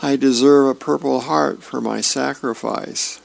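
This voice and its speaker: A man's voice: mid-range voice, fairly even intonation, unhurried, creaky, pitched above the performer's own voice, rough recording. A man reading a self-pitying cartoon lieutenant who makes a drama out of a paper cut, in a whining, overdone voice. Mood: melodramatic. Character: whiny self-pitying male cartoon army officer.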